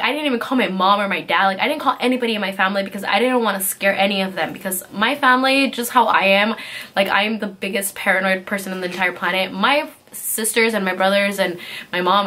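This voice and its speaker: A young woman vlogger telling a casual storytime in an animated way, filling her speech with "like" and acting out what people said. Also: medium pitch. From California. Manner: animated, heavy use of "like", acts out quotes.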